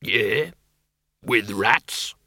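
A man voicing a hearty invisible male bogeyman in a storybook reading, with a gruff, boisterous manner. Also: on the low side, animated, drawn-out words, sharp tone, no room sound, clean studio sound, exaggerated voice. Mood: eager.

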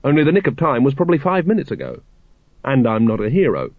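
A man's voice: medium pitch, huge pitch swings, fast, no room sound. A man voicing a weary, out-of-shape watch captain thinking frantically to himself. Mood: frantic. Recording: slightly muffled dry recording.

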